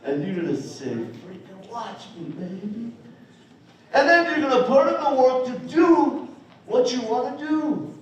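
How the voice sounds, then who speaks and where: A young man giving an energetic, storytelling motivational speech at a school assembly, talking straight to the kids. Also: very high voice, moderate pace, lo-fi sound. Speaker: motivational speaker. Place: school gym or auditorium. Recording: echoey hall, mic from far off.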